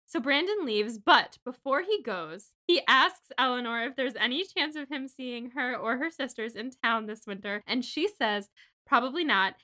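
A young woman co-hosting a casual book podcast, chatty and animated as she recaps chapters and swears now and then. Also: fairly high pitch, normal speed, hardly any pauses. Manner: chatty, swears, acts out quotes. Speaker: podcast co-host. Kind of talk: casual book-club chat.

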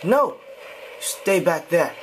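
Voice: medium pitch, very animated, takes it slowly, background noise. A gamer giving let's play commentary, jumpy, yelping and pleading, and muttering to themselves in between.

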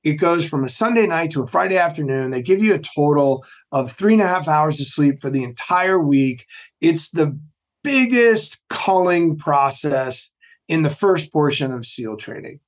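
Male podcast guest, lively storyteller, voice sits a touch high. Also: moderate pace. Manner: animated storyteller, acts out quoted voices. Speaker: podcast guest, former Navy SEAL. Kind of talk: storytelling interview talk.

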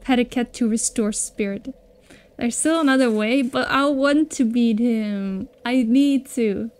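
A woman gaming streamer chats casually with her viewers mid-play and laughs often. Her voice is a little high with a darkish tone, and she speaks at a measured pace.

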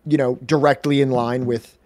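A man of middle pitch chatting on a stream, rambling through fillers and restarts. His voice is close to the mic in a dry room. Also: flat delivery, normal speed, darkish tone, dry recording. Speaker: co-host of a reading stream. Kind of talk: casual chat.

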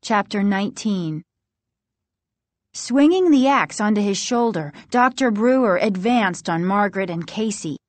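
A woman reading a spooky children's story aloud, in slow, expressive narration. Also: medium pitch, no echo. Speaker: audiobook reader.

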